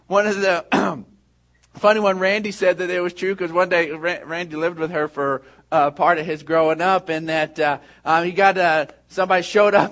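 A man preaching a sermon, telling stories and shifting between hushed and raised passages. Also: high-pitched, a little slow. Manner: storytelling, swings from hushed to raised. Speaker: pastor.

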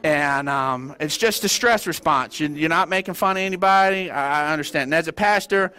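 A middle-aged man, preaching a sermon as a pastor, telling stories in a folksy, animated way with stammered restarts. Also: a little high, brisk, clear, resonant tone. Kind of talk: sermon with storytelling.

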